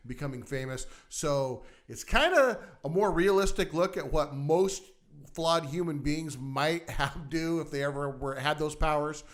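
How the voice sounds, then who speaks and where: Rambling man with a fairly high voice. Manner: rambling, halting, many fillers and restarts. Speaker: podcast co-host. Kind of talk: casual chat reviewing shows.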